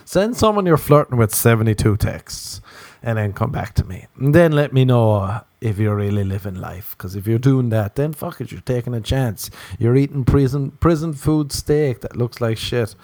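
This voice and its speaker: A man's voice: mid-range voice, expressive, moderate pace, dark tone, dry recording. Profane Irish man, dry close sound. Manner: profane, rambling, tangent-hopping. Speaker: podcast host. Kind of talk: rambling comedic monologue.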